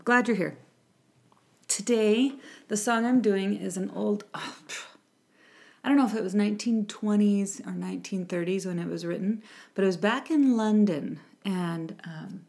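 A woman who sings for a music ministry, talking casually to viewers before a song, chatty and meandering with frequent asides. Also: medium pitch. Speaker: music ministry singer and host.

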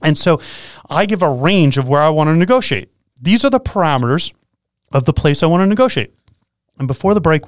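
A man hosting a real estate radio show, talking in an energetic, animated way and laughing easily. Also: on the high side, dry recording, clean studio sound. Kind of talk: excited casual radio talk.

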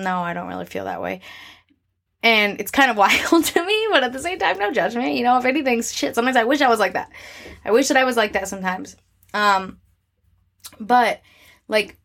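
A woman vlogger talking casually and reflectively about her feelings, with lots of fillers and restarts. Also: medium pitch. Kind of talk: casual personal talk to camera.

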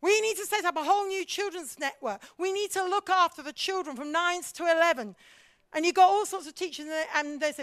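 A woman giving a church teaching talk on leadership. She is animated, keeps asking the audience questions and acts out the voices of the people she describes. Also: extremely high pitch, fairly quick, no echo, studio quality.

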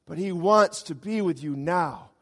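A man's voice: a little high, measured pace. Man preaching in a reverberant hall. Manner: animated preaching, swings between loud emphasis and quiet asides. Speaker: pastor. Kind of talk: sermon.

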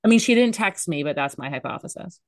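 A woman's voice: on the low side, lively intonation, fast. A woman co-hosting a casual podcast chat, wry and teasing with sarcastic asides. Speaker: podcast co-host.

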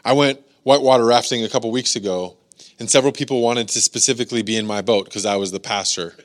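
Speaking quickly in a mid-range voice with fairly even intonation, a grown man who has daughters preaches a laid-back youth sermon. He keeps it chatty, leans on "like" as filler, and performs different voices.

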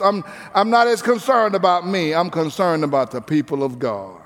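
A man's voice: sits high, normal speed, hardly any pauses. Emphatic preacher man in a reverberant hall. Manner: emphatic, repeating key phrases. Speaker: pastor. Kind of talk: sermon. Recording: reverberant hall with faint music.

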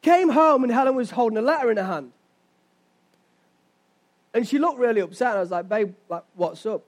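Preaching as pastor, this young man tells stories and poses rhetorical questions to his congregation in a conversational way. He sounds very high-pitched and expressive, speaking fairly quickly.

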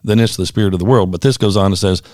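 A man's voice: low-pitched, rapid-fire, darkish tone, no room sound, studio quality. A man, a former pastor who co-hosts a podcast, chatting casually and reading quotes aloud. He talks in a reflective, thoughtful way and often restarts his sentences.

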